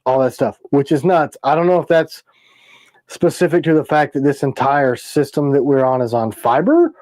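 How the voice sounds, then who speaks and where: A man hosting a casual livestream, telling stories in an animated, sarcastic way. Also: medium pitch, moderate pace, no room sound. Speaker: knife maker, livestream host. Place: workshop or shop.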